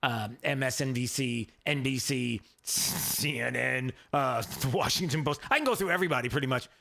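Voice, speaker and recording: A man hosting a talk radio show, giving opinionated commentary in a mocking tone, often halting with fillers. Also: medium pitch, gravelly, bright, forceful tone.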